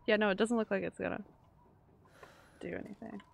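A woman's voice: mid-range voice, gravelly, slightly rough. A woman streaming a horror game live, jumpy and reacting aloud while she chats with viewers. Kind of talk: live gameplay commentary. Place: home room.

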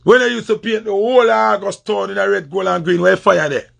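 A man's voice: sits high, steady tone, brisk, creaky, a bit bright. A man with a Jamaican accent delivering a confrontational, repetitive rant in patois. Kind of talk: heated social media rant.

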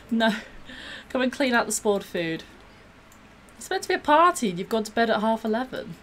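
A woman's voice: fairly high pitch, huge pitch swings, fairly bright tone, slight background noise. Bubbly woman streaming a game. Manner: bubbly, gushing, quick to gasp and laugh. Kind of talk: casual live-stream commentary while playing.

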